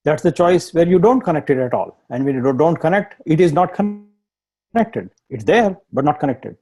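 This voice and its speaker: A man's voice: fairly high pitch, expressive, normal speed, mellow, soft background music. A man with an Indian accent teaching a live online tech lesson, explaining step by step, repeating points and laughing at himself. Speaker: instructor.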